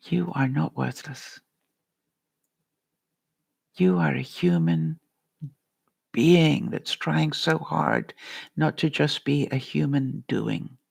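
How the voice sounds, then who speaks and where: Woman life-coach vlogger, very gravelly, dry close sound, encouraging live-stream talk. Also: low-pitched, animated, takes it slowly, pauses often, a little mellow, no echo. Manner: earnest, encouraging, addresses viewers by name. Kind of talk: live-stream pep talk answering chat.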